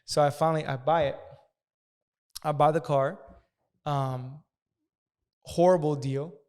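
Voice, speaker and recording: A man casually telling a profane story as a podcast guest, talking fast and acting out the people in it. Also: on the high side, fairly even intonation, a little mellow, clear, resonant tone. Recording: long hall reverb.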